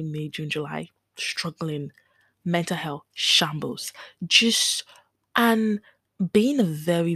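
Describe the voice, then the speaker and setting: A woman's voice: lowish voice, breathy edge, no echo. A woman in her twenties hosting a podcast, talking candidly and emotionally about a hard year, with frequent restarts. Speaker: podcast host. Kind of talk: reflective personal talk.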